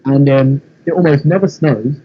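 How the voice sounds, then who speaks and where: A man's voice: medium pitch, moderate pace, highs cut off. A man from England with a London accent, laid-back and casually swearing in a chat. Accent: London English.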